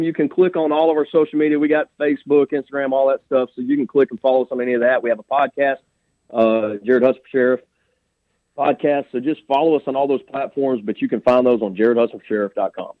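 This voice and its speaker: A man's voice: medium pitch, steady tone, fast, no echo. Blunt man on a phone line. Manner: blunt, plain-spoken, emphatic. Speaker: sheriff candidate, radio guest. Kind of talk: phone-in radio interview. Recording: tinny dry phone line.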